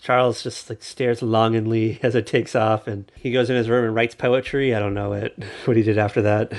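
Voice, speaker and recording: A man's voice: fairly low pitch, flat delivery, brisk, darkish tone. Rambling jokey male podcast co-host. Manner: rambling, jokey, acts out quotes in raised voices. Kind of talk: casual chat recapping a TV special.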